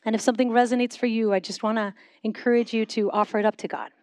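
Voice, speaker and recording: Soft-spoken woman preaching a reflective sermon. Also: on the high side, fairly even intonation, dry recording, studio quality. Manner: measured, slowing into soft reflective pauses. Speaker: pastor. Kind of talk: sermon with guided silent prayer.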